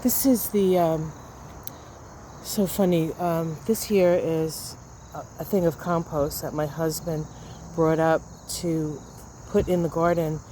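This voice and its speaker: A woman's voice: low-pitched, steady tone, slow pace, warm tone, a little hiss or hum. A woman vlogging casually to camera outdoors in her garden, chatty and enthusiastic, often trailing off with fillers. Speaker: astrology vlogger.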